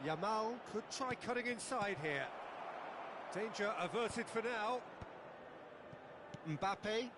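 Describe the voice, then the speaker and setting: A man doing play-by-play football commentary, flowery and dramatic, erupting with excitement at big moments. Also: high-pitched, slow, pauses often. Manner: flowery, dramatic, bursts into loud excitement at goals. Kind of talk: sports commentary from a video game. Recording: loud background noise.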